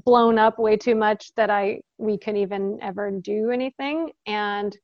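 A woman's voice: mid-range voice, fairly even intonation, measured pace, dry recording, lo-fi sound. A woman guest talking casually in an interview, chatty, with frequent laughs and fillers, over a video call.

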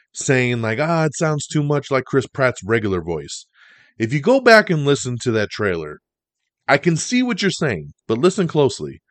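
A lower-pitched man hosts a casual news rundown, talking in a loose, opinionated way with plenty of ums and uhs. The recording is dry and close. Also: dry recording. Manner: chatty, opinionated, fillers. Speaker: host of an entertainment news show.

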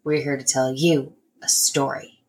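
A woman co-hosting a casual comedy podcast, talking in a playful way with deadpan asides. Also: a bass voice, measured pace. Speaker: podcast co-host.

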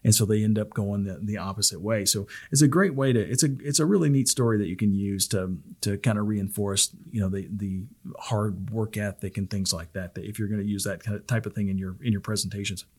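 A man's voice: fairly low pitch, brisk, hardly any pauses, a little mellow. A middle-aged man hosting a podcast on public speaking, talking in a rambling, casual way full of restarts and fillers.

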